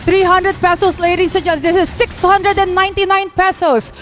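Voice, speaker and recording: A woman with a Filipino accent, hosting a live auction at an event, calling bids in an energetic, playful way. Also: extremely high pitch, a little fast, soft background music. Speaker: auctioneer host. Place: live esports event venue.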